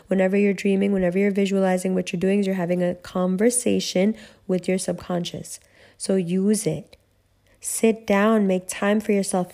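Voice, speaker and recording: A woman hosting a podcast, giving a blunt, profane motivational rant with emphatic, rising delivery. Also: medium pitch. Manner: blunt, emphatic, heavy swearing, rising to shouts. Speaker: podcast host.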